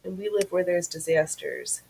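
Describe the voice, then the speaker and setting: A woman chatting casually while she sews, her voice husky and slightly breathy. She swoops up and down in pitch, playful and expressive, and laughs easily. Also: normal speed, rough recording. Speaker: host. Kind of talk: casual chat while sewing.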